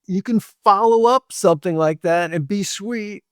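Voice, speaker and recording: Blunt, fairly high-voiced dating host. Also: male voice, measured pace, fairly bright tone, no room sound, studio quality. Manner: blunt, lectures directly, acts out women's lines; laughs between points. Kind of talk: opinionated monologue to camera.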